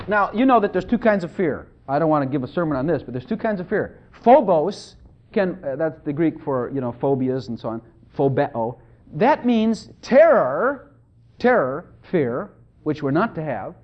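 A middle-aged man preaching an informal sermon in a folksy, animated way, often asking the congregation questions. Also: a little high, moderate pace. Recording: dull lo-fi sound.

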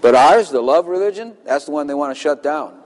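A man preaches with fervent emphasis, reading scripture dramatically. His voice sits somewhat high for a man. The sound carries a long reverb from a large hall. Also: animated, brisk, a little mellow. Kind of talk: sermon.

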